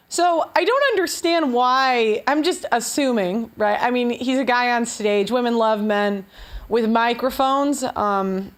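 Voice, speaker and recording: A woman hosting a show, giving blunt, sarcastic and profane reaction commentary on clips. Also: high voice. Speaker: show host.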